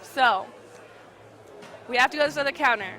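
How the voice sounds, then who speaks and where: A woman in her twenties or so, telling a frustrating travel story to camera in an exasperated, animated way, full of fillers. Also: high voice, moderate pace. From United States. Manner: exasperated, animated retelling with frequent fillers and laughs. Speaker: vlogger. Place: busy gaming convention hall. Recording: loud crowd chatter behind.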